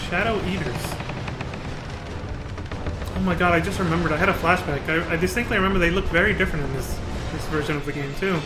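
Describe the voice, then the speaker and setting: Excitable high-voiced young man streaming. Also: fast talker, pauses often, music in the background. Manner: excitable, swears freely, laughs often. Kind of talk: casual live-stream commentary while playing.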